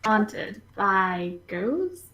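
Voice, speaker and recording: A woman's voice: medium pitch, big pitch swings, extremely slow, a bit bright, dull audio. A woman playing a tabletop game, chatting casually and pressing the others with questions. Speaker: player.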